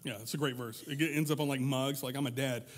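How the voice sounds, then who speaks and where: A man's voice: medium pitch, steady tone, fast. A man preaching a sermon at a church in a conversational way, slipping into quoted voices to act out examples. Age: adult parent. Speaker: pastor.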